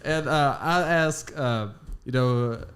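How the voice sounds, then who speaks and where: Casual podcast host, man, middle pitch, loose rambling storyteller. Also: slow pace. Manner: rambling, animated anecdote with laughs.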